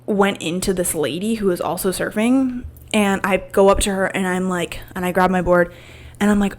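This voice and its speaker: A woman in her twenties hosts a podcast, speaking at a moderate pace with a medium-pitched voice. She tells a personal story in a casual, candid, emotional way, rambling and full of "like" fillers and swearing.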